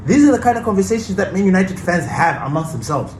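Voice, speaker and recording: Fired-up guy fan venting about his team, lively swinging voice, faint background hum. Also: high-pitched, fast talker, few pauses, roomy sound, rough recording. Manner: passionate, defiant ranting fan. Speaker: football channel host. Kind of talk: casual fan vlog commentary.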